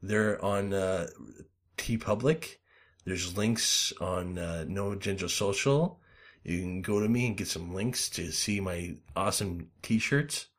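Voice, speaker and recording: A man hosting a loose podcast chat in a lowish voice. He rambles through stories with lots of fillers and swears, and bursts into loud, acted-out quotes. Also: slow pace. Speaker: podcast host.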